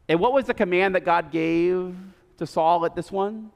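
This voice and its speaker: A man's voice: sits high, moderate pace, vocal fry. A male pastor preaching a sermon, retelling the story casually and animatedly with lots of fillers, recorded in a reverberant church sanctuary.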